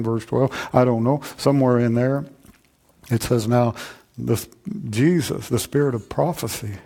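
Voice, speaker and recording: Fervent male preacher swinging loud and soft. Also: mid-range voice, vocal fry, husky. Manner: repeats "I'm telling you" and "you hear me". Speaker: pastor. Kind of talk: sermon.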